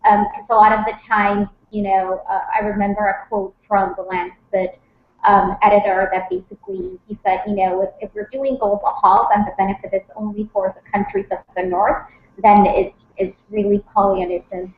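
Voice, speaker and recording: A woman's voice: medium pitch, normal speed. A woman from Puerto Rico, a physician guest, chatting eagerly on a video call with many fillers and restarts. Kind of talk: casual video-call chat. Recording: roomy, dull lo-fi audio.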